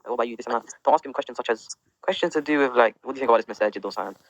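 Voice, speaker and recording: A man's voice: mid-range voice, very fast, dull audio, a little hiss or hum. A man talking bluntly and animatedly in slang during a casual religious discussion.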